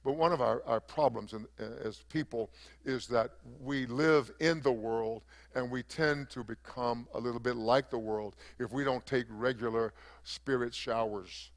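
An older male pastor preaching a sermon in a gravelly voice. He builds to loud, emphatic peaks and then drops back into a quieter, conversational tone. His delivery is full of fillers and restarts. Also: mid-range voice, measured pace.

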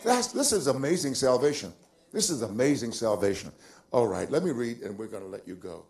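An older male pastor preaching a sermon, moving from soft, musing asides to loud, drawn-out emphasis, repeating phrases and chuckling as he goes. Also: mid-range voice, gravelly. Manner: swings from quiet musing to loud, stretched-out emphasis.

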